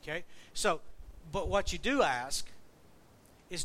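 A man's voice: a little high, lively intonation, moderate pace, sharp tone, a little hiss or hum. A man preaching a sermon in a conversational way, often asking the congregation questions. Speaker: pastor.

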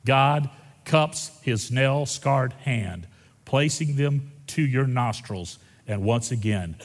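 A man preaching a sermon in an animated, conversational way, slowing down dramatically and joking with the congregation. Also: mid-range voice, big-room sound. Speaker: pastor.

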